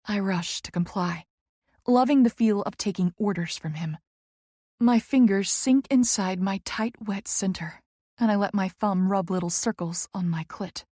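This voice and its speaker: Female romance audiobook narrator, low and gravelly, hushed intimate first-person reads, dry close mic. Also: moderate pace, no echo.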